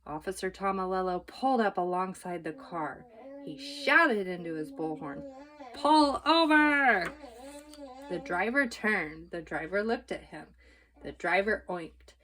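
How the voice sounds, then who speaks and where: Woman storyteller, clear and expressive, children's book read-aloud. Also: on the low side, moderate pace.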